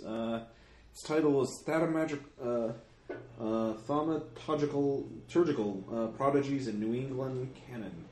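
A man runs a tabletop horror session in an echoey room, with a faint hiss under his voice. His pitch sits in the middle, and he narrates haltingly, filling the gaps with "uh"s and humming. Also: a little mellow. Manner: hesitant, many fillers and hums. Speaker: game master.

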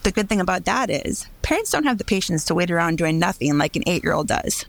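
A woman's voice: fairly low pitch, big pitch swings, fast, creaky. A woman from Minnesota narrating a childhood story in a wry, descriptive way.

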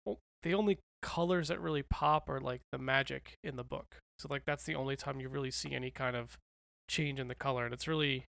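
A woman co-hosting a comic book podcast in casual chat, animated, laughing often and swearing casually. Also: very deep voice, fairly quick, creaky, no echo.

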